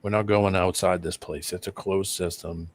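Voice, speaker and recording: Husky man, rambling conspiratorial talk. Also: low-pitched, level tone, moderate pace. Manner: rambling, conspiratorial, talks over the other man. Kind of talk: casual chat.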